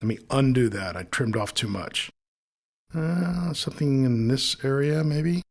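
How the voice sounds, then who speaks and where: Speaking a little slowly in a mid-range voice, a man demonstrates audio editing step by step in a screen-recorded tutorial. He thinks aloud as he goes, relaxed and explanatory.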